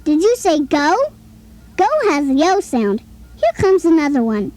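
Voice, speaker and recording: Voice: high-pitched, big pitch swings, a little slow, a little mellow. An actor voicing a cheerful boy talking toy who chats with a child on a scripted play-along tape, chirpy and coaxing and always asking the listener questions.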